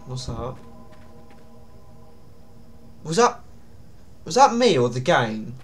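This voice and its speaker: A man's voice: medium pitch, very animated, takes it slowly. Jumpy man playing a horror game. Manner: nervous, jumpy, bursts into startled yelps. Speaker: gaming YouTuber.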